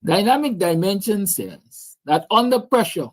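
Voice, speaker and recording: A man's voice: high-pitched, very animated, measured pace. A man with a Guyanese accent hosting a livestream, giving impassioned, preachy political commentary and answering viewer comments. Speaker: livestream host.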